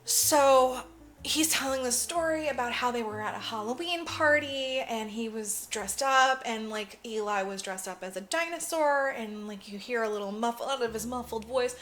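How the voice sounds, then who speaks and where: A woman's voice: on the high side, normal speed, a bit bright, slight background noise. A woman co-hosting a movie podcast, casually retelling a film with lots of laughs, swearing and acted-out lines. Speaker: podcast co-host. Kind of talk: casual movie recap chat.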